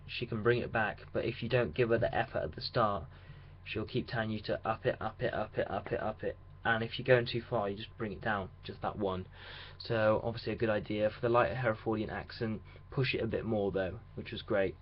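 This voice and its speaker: Young man rambling through a lo-fi vlog. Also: medium pitch. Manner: chatty, rambling, with restarts. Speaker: radio drama student. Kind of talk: casual video diary. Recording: dull lo-fi sound with faint hiss.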